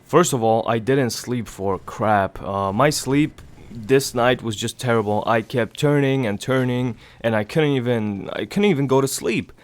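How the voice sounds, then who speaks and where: A young man who hosts a gaming channel keeps his voice hushed and low at home in the early morning so the others there stay asleep. His nose is stuffy from a cold, and he speaks a little slowly. His gameplay commentary is casual and wandering, full of fillers and easy swearing.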